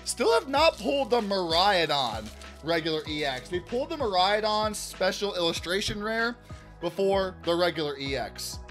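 A man hosting a casual card-opening vlog, chatty and upbeat, shouting out big pulls and often restarting his sentences. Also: high-pitched, sing-song, moderate pace, soft background music. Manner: chatty, hypes big pulls loudly, self-correcting restarts. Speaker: card-opening channel host.

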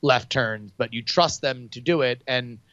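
Man podcast co-host, smooth and clear voice, hesitant, dry dull sound. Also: medium pitch, unhurried, a bit bright, no room sound. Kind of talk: casual chat.

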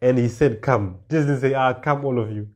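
A man preaching a sermon, reading scripture verses slowly and then explaining them with rising emphasis and repeated words. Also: medium pitch, a little mellow.

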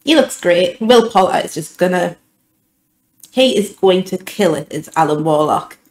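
A woman's voice: fairly low pitch, lively intonation, a little slow, reverberant, heavy background noise. A young woman giving an emotional, gushing reaction to a film trailer, stumbling over her words as a YouTube vlogger. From United Kingdom.

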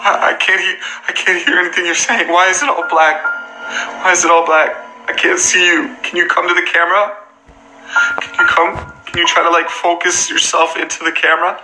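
A man's voice: high voice, little pitch movement, a little fast, over music. A young man in a staged emotional phone-call video, tearful, frantic and overwrought, pleading and keeps calling out to his viewers. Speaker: prank video creator.

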